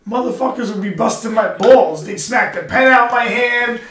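A middle-aged man with a high voice hosts a podcast in a studio, talking in a profane, rambling, animated way. His voice sounds roomy and set back from the mic. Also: normal speed, recorded from a distance, soft background music. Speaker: podcast host and fighter. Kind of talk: casual studio chat.

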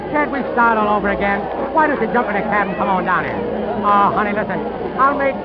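A man's voice: high-pitched, animated, fast talker, over a noisy crowd, very noisy. A man playing a brash, emotional nightclub owner and emcee on New Year's Eve, in 1930s radio drama style. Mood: eager. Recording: muffled 1930s radio broadcast with music.

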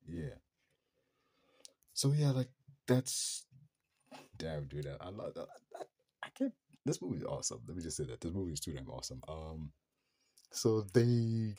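A man with a deep, slightly husky voice talks through a film review in a loose, rambling way, with plenty of slang and swearing. His tone is mellow and relaxed, and the sound is dry and close. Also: dry recording. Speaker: movie reviewer. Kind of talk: casual spoken film review.

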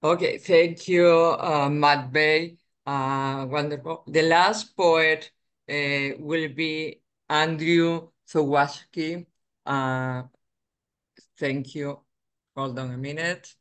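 A man's voice: fairly high pitch, steady tone, a bit bright, clean tone. A man moderating a poetry reading, thanking the speakers and introducing the next poet, with many hesitations and fillers. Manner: halting, with frequent fillers.

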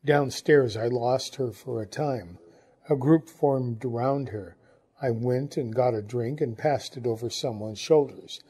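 A man reading a literary novel aloud in a measured, reflective way. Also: medium pitch, dark tone, breathy edge. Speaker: audiobook reader. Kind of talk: literary audiobook narration.

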